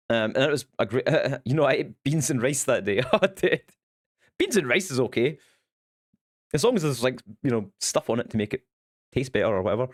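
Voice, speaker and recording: Rambling Scottish man streaming live. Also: mid-range voice. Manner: rambling, chatty, swears casually. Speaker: Twitch streamer. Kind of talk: casual live-stream chat.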